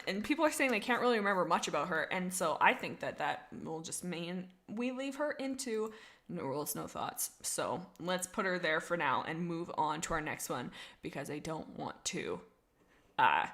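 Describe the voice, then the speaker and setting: A young woman in casual livestream chat, thinking out loud and answering her chat. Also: low voice. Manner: chatty, reads chat messages aloud, thinks out loud. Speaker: streamer.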